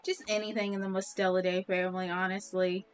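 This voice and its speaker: A woman's voice: mid-range voice, flat delivery, a little fast. A woman streamer in casual chat while gaming, rambling with wry jokes.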